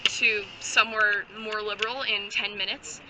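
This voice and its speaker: A woman's voice: mid-range voice, steady tone, moderate pace, background noise, lightly acted. A woman voicing a lonely, confused male talking frog who whines and swears casually. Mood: lost. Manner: whiny, bewildered, casual swearing.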